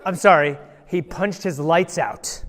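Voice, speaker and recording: A male pastor telling a Bible story to children in a playful, animated way, asking the kids questions and acting out voices. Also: on the high side, measured pace. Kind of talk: lively children's sermon with audience participation. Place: large church hall. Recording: long church hall reverb.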